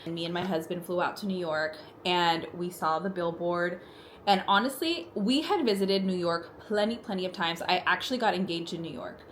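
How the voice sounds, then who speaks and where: A woman's voice: on the low side, normal speed, a little hiss or hum. A young adult woman vlogger telling a personal story in casual chat while doing her makeup, talking in a chatty way with frequent "like" fillers, at home in her apartment.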